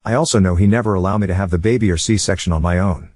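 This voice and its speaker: Fast-reading male story narrator. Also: low-pitched, a little mellow, no echo, clean studio sound. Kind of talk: scripted narration of an online post.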